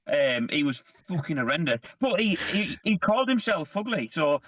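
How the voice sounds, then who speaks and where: A man chats on a podcast, swearing freely as he spins army stories. His voice sits a little high, recorded dry and close with no room sound. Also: sing-song, moderate pace, fairly bright tone, no room sound. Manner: sweary, laughing storyteller. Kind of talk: casual chat, swapping army stories.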